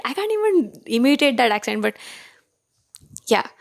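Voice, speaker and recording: A woman's voice: a little high, very animated, normal speed, vocal fry. A woman from India with an Indian accent, giving chatty, opinionated commentary for her video channel. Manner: chatty and opinionated, with many fillers. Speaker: vlogger.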